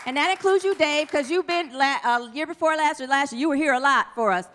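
A woman's voice: high voice, a little fast, fairly bright tone, some chatter behind. A woman minister speaking to her congregation in a church sanctuary, effusive and chatty, thanking people and leading a group prayer.

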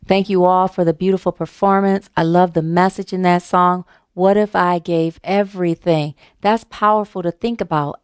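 A woman minister giving a sermon, thanking performers and telling a humorous story, with an animated way of talking and easy laughter. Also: on the low side, clear, resonant tone, no room sound, clean studio sound. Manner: warm, animated, laughs easily, repeats words.

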